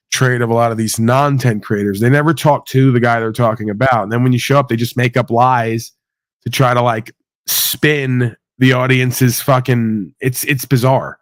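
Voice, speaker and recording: A man's voice: medium pitch, no room sound. A man hosting a livestream, ranting casually with blunt, sweary sarcasm. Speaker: livestream host.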